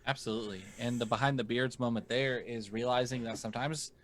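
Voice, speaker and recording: A man's voice: medium pitch, steady tone, fast. A man co-hosting a podcast in casual chat, backing up his partner with short affirmations and the odd joke. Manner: supportive listener, short affirmations, joking. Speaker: podcast co-host. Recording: podcast microphone.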